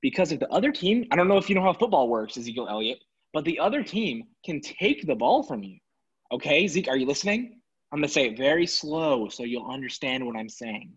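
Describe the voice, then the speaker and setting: Sarcastic ranting man, slightly husky. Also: fairly high pitch, brisk. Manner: exasperated, sarcastic, animated ranting. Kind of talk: casual sports rant. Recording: dull lo-fi recording.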